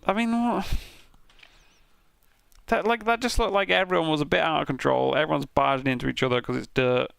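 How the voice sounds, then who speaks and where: Gravelly, sweary British man. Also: on the high side, fairly even intonation, fast talker, few pauses, fairly bright tone, dry recording, studio quality. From Britain. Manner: sweary, rambling banter with frequent laughs. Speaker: streamer. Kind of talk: casual commentary reviewing racing incident clips.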